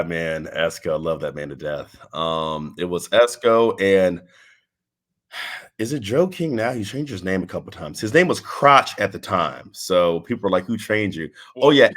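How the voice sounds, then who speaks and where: A man from Texas chats as an interview guest in a low-pitched voice. He talks loosely, restarting sentences and trailing off, relaxed and unhurried. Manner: laid-back, rambling with restarts and laughs. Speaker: wrestling guest. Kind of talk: casual interview chat.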